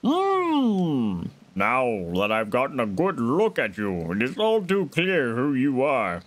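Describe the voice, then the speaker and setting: A man's voice: mid-range voice, wildly swooping pitch, slow pace. A man voicing a giant, regal old fish king, using formal old-fashioned speech. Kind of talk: voicing game dialogue on a stream.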